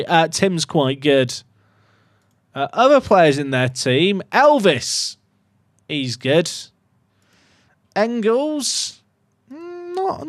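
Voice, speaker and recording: A young man giving casual, excitable commentary on his game to his chat, swinging from muttering to loud outbursts. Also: on the high side, no room sound, studio quality. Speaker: gaming YouTuber.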